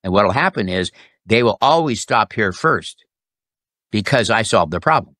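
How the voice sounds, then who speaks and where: A man as an interview guest, telling sales stories in a lively way and acting out the people in them. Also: fairly low pitch, normal speed, dry recording, clean studio sound. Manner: animated, acts out quoted customers and bosses. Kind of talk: casual storytelling interview.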